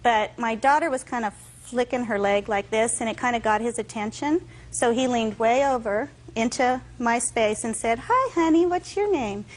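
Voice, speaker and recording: A young woman, a touch high in pitch, gives courtroom testimony as a defendant. She recounts a heated incident earnestly, slipping into the voices of the people she quotes. She speaks from the stand in a courtroom set. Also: low-quality recording. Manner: earnest, tells events with quoted dialogue.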